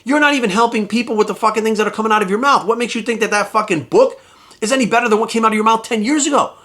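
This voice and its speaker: A man's voice: high-pitched, very fast, bright, forceful tone. A middle-aged man and fitness coach ranting in a heated, profane vlog.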